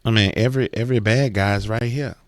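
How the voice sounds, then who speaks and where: A man's voice: fairly low pitch, steady tone, fast, no room sound. A man delivering a heated commentary rant, emphatic and repetitive, working himself up as he goes. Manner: emphatic, repetitive, gets worked up. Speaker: political commentator.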